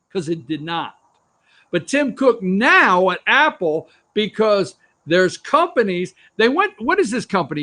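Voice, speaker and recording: A man's voice: sits high, sharp tone. A man hosting a political opinion show, ranting sarcastically about the news from an office. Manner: ranting, sarcastic, repeats himself.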